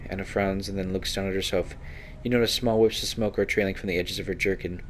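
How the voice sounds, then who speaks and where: A man narrating a video game playthrough, reading its text aloud in a steady, descriptive manner. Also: low voice, fast, hardly any pauses, slight background noise. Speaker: let's play narrator.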